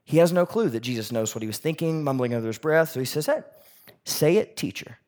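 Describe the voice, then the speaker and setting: A man preaching a sermon in a conversational, animated way, asking the audience questions and swinging from loud emphasis to soft near-whispers. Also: mid-range voice, quick pace. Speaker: pastor.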